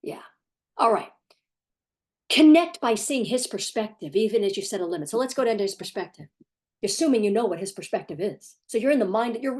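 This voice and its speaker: Sarcastic, animated woman parenting coach. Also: mid-range voice. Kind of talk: opinionated video commentary.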